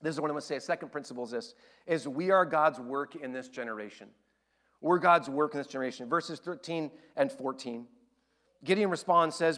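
Male pastor, sermon delivery, animated storyteller with quiet earnest stretches, slightly raised pitch. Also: brisk. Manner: animated, shifts between loud excited retellings and quiet earnest appeals.

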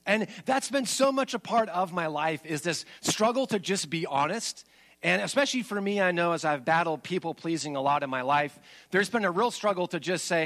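Candid pastor with a higher voice. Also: male voice, normal speed. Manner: candid and confessional, swings between animated emphasis and low quiet admissions. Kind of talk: sermon.

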